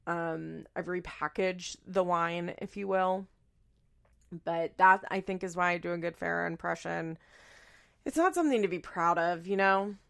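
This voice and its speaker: A woman in her thirties talks through a casual solo podcast in a lowish voice with a gravelly edge. She rambles with lots of fillers and pokes fun at herself. Her delivery is loose and chatty. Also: moderate pace, a bit bright. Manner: chatty, self-deprecating, rambling with many fillers. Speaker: podcast host.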